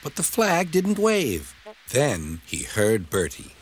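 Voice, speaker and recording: A man narrating a children's storybook in a lively, animated way. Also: mid-range voice, slow, slight background noise. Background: music.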